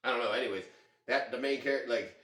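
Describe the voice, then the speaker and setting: A man telling a story to his camera in a casual, rambling, excitable way, full of swearing. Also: mid-range voice, fast. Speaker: vlogger. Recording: echoey room.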